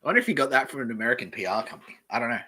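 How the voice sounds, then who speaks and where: A man's voice: medium pitch, sing-song, rapid-fire, bright, forceful tone, slightly rough. A man hosting a podcast, rambling offhandedly and joking as he reads aloud from a screen at home, often trailing off into mumbles. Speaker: podcast host. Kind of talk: rambling casual commentary while reading aloud.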